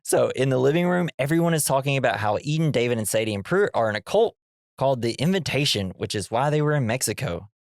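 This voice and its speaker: A man's voice: medium pitch, lively intonation, quick pace, no room sound. Guy recapping a movie on a podcast, sarcastic, dry mic sound. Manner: sarcastic, acts out characters in goofy voices. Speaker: podcast co-host. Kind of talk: casual movie recap chat.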